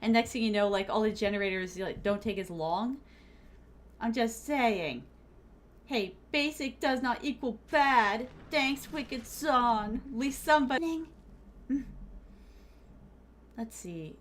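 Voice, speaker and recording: A woman's voice: fairly high pitch, slow, long pauses. A woman streaming a game, chatting playfully with her viewers, often giggling and dropping in Japanese phrases. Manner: chatty, playful, talks to chat as "my starlings"; giggly, many fillers like "like". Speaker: VTuber streamer. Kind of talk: casual gaming stream chat.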